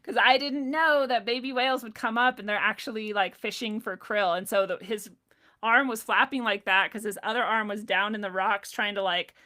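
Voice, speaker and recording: A woman telling a personal story straight to the camera, chatty and loose, full of filler words. She laughs often and acts out her own past lines. Her voice sits at a middling pitch for a woman. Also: fairly even intonation, moderate pace, sharp tone. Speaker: vlogger. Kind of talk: casual storytelling.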